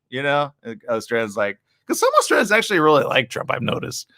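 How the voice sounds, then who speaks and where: A man's voice: mid-range voice, huge pitch swings, fast talker, hardly any pauses, pushed and bright, dry recording, clean studio sound. A man hosting a live morning show, ranting bluntly and sarcastically while running on little sleep. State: sleep-deprived. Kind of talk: casual live-stream commentary.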